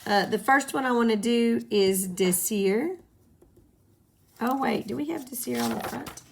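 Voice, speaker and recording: Slow, patient woman teaching a class. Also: a little high, creaky, slight background noise. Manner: patient, drills students to repeat. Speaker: Spanish teacher. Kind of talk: classroom lesson at a whiteboard.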